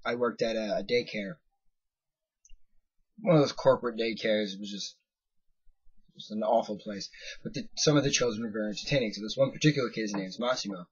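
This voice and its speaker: A young American man in his twenties tells a loose, wandering anecdote in a slightly husky voice. He keeps interrupting himself, working things out aloud and jumping into quoted voices. The recording is dull and lo-fi. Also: fairly low pitch, a little fast, long pauses. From United States. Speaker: vlogger. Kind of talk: casual storytelling.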